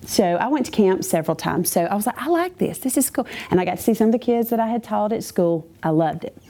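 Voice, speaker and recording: A woman's voice: mid-range voice, quick pace. A woman giving a chatty personal testimony to a church congregation, with many asides. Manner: chatty, animated storytelling with asides.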